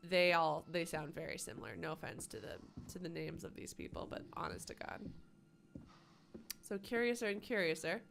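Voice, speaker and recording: A woman's voice: lowish voice, moderate pace, creaky, a bit bright, a little hiss or hum. A woman live-streaming a game, with playful, sarcastic commentary and plenty of swearing. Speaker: gaming streamer.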